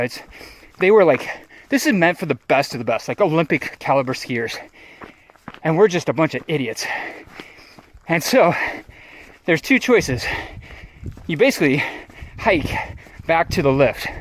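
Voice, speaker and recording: A middle-aged man telling a lively, casual story on an outdoor trail and acting out his friends' voices. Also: a little high. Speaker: trail runner vlogger. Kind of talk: casual storytelling while running. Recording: noisy outdoor recording.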